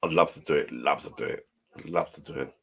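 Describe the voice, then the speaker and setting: Middle-aged man, very low voice, rambling live chat, swears a lot. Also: brisk, vocal fry, a bit bright, husky. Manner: swears freely, rambling and chatty. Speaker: vlogger chatting with live viewers. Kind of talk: casual live-stream chat. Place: home garden bar shed.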